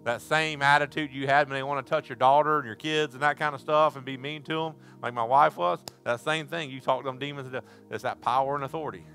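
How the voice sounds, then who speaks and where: Male preacher, folksy storyteller given to shouts, bright forceful voice. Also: mid-range voice, fairly even intonation, fast, hardly any pauses, faint music behind. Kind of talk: sermon. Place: church service.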